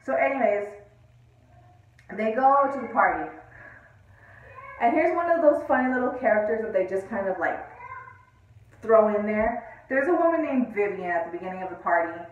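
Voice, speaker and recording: A woman's voice: medium pitch, lively intonation, moderate pace, long pauses, slight background noise. Rambling, profane woman in an echoey room. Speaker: film reviewer. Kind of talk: casual film review monologue. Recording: echoey distant lo-fi room sound.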